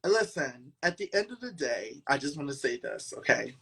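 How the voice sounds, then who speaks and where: A man hosting a casual podcast chat, talking in a loud, dramatic and sassy way. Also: mid-range voice, sing-song, moderate pace, vocal fry, a little hiss or hum. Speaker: podcast host.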